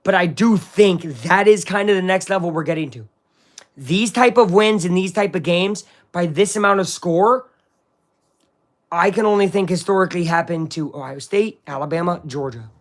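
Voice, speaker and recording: A man hosting a casual live watch-along of a football game, excitable and swinging between hype and grumbling. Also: sits high, normal speed. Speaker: live-stream sports watch-along host.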